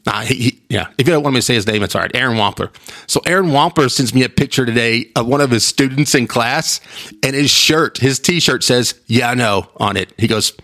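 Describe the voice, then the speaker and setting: A man's voice: mid-range voice, a little fast, fairly bright tone. A man hosting his own podcast, telling stories in a chatty, rambling way with frequent restarts. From Texas. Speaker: podcast host. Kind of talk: casual solo podcast chat.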